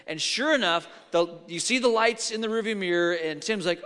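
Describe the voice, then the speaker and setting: A man's voice: sits high, brisk, hardly any pauses, pushed and bright. A middle-aged male pastor delivering a sermon in a church sanctuary, telling stories animatedly and acting out the quotes. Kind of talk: sermon with storytelling. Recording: long hall reverb.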